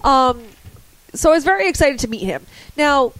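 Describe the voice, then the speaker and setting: A woman co-hosting a podcast in casual chat, telling a story in an animated, gushing way. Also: sits high, moderate pace, no echo, low-quality recording. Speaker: podcast co-host.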